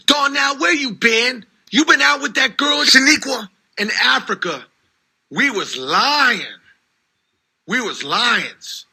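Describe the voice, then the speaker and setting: A man voicing a brash cartoon character who squabbles and shouts. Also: very high voice, expressive, takes it slowly, vocal fry, breathy edge, full character voice. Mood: bickering. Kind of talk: cartoon dialogue.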